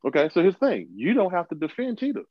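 A man's voice: high voice, wildly swooping pitch, fast talker, dry recording, highs cut off. A man co-hosting a podcast, emphatic and repeating himself to press his point in casual chat. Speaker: podcast co-host.

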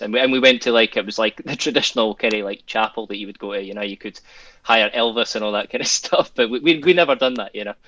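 Bright-voiced Scottish man, rambling. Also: fairly low pitch, dry recording, muffled recording. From Scotland. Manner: rambling, chuckling often, repeats himself. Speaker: guest. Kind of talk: casual chat.

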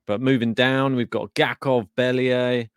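A man's voice: mid-range voice, steady tone, unhurried, clean tone, dry recording, clean studio sound. A man hosting a tennis podcast, chatting casually and thinking aloud with plenty of fillers. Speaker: podcast host. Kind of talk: casual tennis preview chat.

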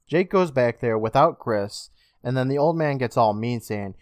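A man co-hosting a podcast, recapping an episode in animated storytelling style, laughing often and swearing casually. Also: mid-range voice, a little slow, dry recording, clean studio sound. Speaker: podcast co-host.

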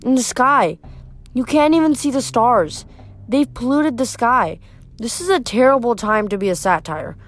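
A woman's voice: on the high side, animated, normal speed, faint music behind, natural voice. Earnest young satyr, as a woman reads him. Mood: sad. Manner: earnest, indignant about pollution.

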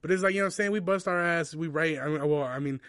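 A man's voice: on the high side, quick pace, fairly bright tone, dry recording, clean studio sound. A young man, a comedian hosting his podcast, telling a story in casual slang with lots of fillers and laughter.

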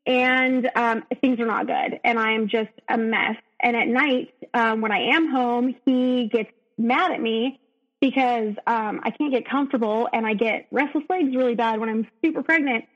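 A woman with a somewhat high voice recounts her personal story as an interview guest, earnest and emotional, often breaking off and starting over. The recording is dull and lo-fi. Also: fairly even intonation, normal speed. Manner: earnest and emotional, with frequent restarts. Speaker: podcast guest. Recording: dull, lo-fi sound.

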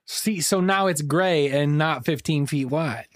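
A man's voice: a little high, measured pace, dry recording, studio quality. A man co-hosting a podcast, cracking sarcastic quips in casual talk. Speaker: podcast co-host. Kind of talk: casual chat.

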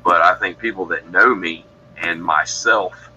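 A man's voice: sits low, unhurried, pushed and bright, lo-fi sound, a little hiss or hum. A man from Georgia in the US, telling his story as a podcast guest in a rambling, matter-of-fact way that keeps correcting itself. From Georgia, USA. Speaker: guest describing encounters.

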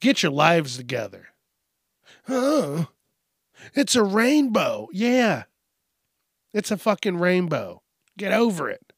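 A man's voice: high voice, big pitch swings, takes it slowly, gravelly, long pauses, breathy edge, no echo, clean studio sound. A man hosting a news commentary show, ranting in a profane, sarcastic, exasperated way while drinking beer. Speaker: host.

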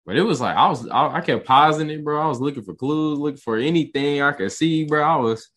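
A young man co-hosting a casual podcast, excitable and slangy as he reacts to a show. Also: a little high, fairly quick. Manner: excitable, slangy, rises sharply when enthused. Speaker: podcast co-host. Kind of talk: casual podcast recap chat.

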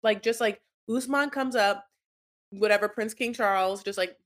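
A woman's voice: medium pitch, normal speed. Rambling playful woman co-host. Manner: rambling, lots of fillers, playful. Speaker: podcast co-host. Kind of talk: casual recap chat.

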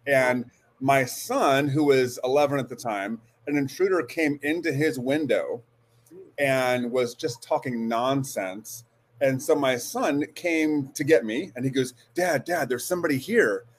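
A man in his forties speaks as a guest in an interview, earnest and halting. He restarts his sentences often and settles into a steady, medium-pitched voice. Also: slight background noise. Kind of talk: storytelling interview.

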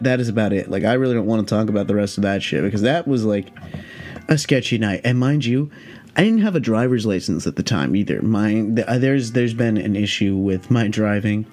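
Laid-back, low-voiced young man rambling. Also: a little mellow. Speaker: podcast host. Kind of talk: casual storytelling monologue.

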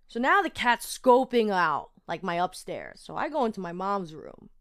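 A woman's voice: medium pitch, moderate pace. Chatty young woman telling a story. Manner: chatty and animated, many fillers. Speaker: podcast host. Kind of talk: casual storytelling monologue.

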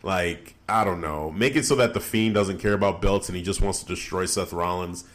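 A young man co-hosting a casual podcast, animated and quick to exclaim in disbelief. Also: deep voice. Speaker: podcast co-host. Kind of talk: casual wrestling podcast chat.

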